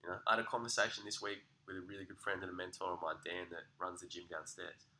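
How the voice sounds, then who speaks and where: A man with a very bright, forceful voice that sits a little low in pitch. He co-hosts a relaxed podcast and keeps up energetic, sweary motivational banter. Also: fast talker, slight background noise, poor audio. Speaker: podcast co-host. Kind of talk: casual chat.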